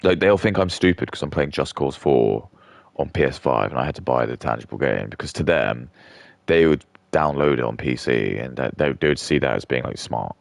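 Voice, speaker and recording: Male gaming streamer, extremely low and gravelly, rambling, crude, dry close sound. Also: expressive, normal speed, no echo. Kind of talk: casual commentary while gaming.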